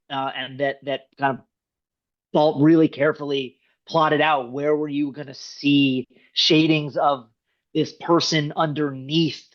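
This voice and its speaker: A man, a screenwriter, talking casually in an interview, rambling with many restarts. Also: mid-range voice. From United States. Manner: rambling, restarts often, animated. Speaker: screenwriter guest. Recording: dull lo-fi sound.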